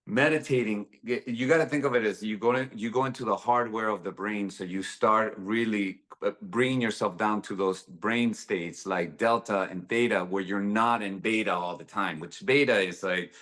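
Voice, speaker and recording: A man's voice: lowish voice, moderate pace, few pauses, fairly bright tone. A man who is a guest author on a video call, talking in an earnest, motivational way and dropping casual words like "dude" and "man". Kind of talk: casual podcast interview.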